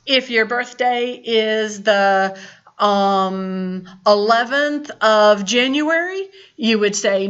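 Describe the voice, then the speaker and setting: A woman teaching a Spanish lesson, explaining slowly and deliberately with playful asides. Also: medium pitch, fairly bright tone, clear, resonant tone. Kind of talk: recorded classroom lesson. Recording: dull lo-fi recording.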